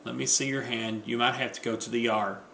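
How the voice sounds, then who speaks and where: A man's voice: on the high side, moderate pace, sharp tone, slight background noise. A man reading the part of a bossy, superstitious wife in a play, scolding and insistent, in an echoey room. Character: bossy superstitious wife fussing over New Year rules.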